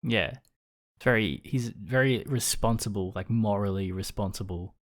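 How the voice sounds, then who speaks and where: Lower-voiced guy on a tv podcast, lots of ums, casual. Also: moderate pace. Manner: hesitant, searching for words. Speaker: podcast co-host. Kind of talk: casual chat.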